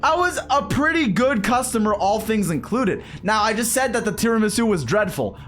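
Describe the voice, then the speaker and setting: A young man from Canada telling a rambling story while gaming on stream, swearing freely and animated. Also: high voice, moderate pace, soft background music. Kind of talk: casual gaming stream chat.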